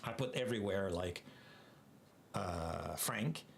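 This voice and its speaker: A man's voice: low-pitched, creaky, slight background noise. Chatty French Canadian man streaming. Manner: rambling, chatty, quick asides. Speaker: live-coding streamer. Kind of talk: casual live-stream chat.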